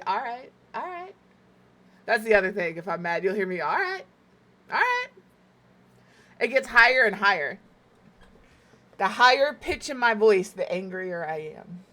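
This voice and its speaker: A woman's voice: medium pitch, bright, forceful tone. A young woman from the American South, chatting casually and rambling with self-mocking humor while she plays a game on stream. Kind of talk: casual chat while gaming.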